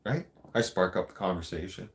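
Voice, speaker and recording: A man with a very low voice tells stories in loose, casual chat. He talks bluntly, swears freely and laughs as he goes, like a podcast host riffing with no script. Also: expressive, brisk. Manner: blunt, profanity-heavy, laughs often. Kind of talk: casual storytelling.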